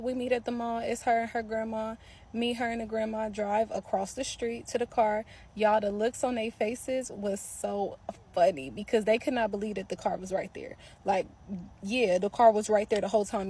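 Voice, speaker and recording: Woman, slightly high voice, animated casual storyteller talking to camera. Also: husky. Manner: animated, speaks straight to viewers, laughs often.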